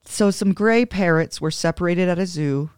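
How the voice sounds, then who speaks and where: Co-host, mid-pitched, dry booth sound, reads quirky stories aloud casually. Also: moderate pace, clear, resonant tone, dry recording. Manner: reads news items aloud, chatty. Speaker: podcast co-host. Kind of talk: casual chat.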